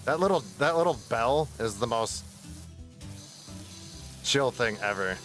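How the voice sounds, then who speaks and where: A male game streamer chatting casually with his viewers, his stories rambling and heavy on swearing. His voice sits in a middle pitch range. Faint music plays under his talk. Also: animated, measured pace, a bit bright. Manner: rambling, profane storytelling with bursts of laughter.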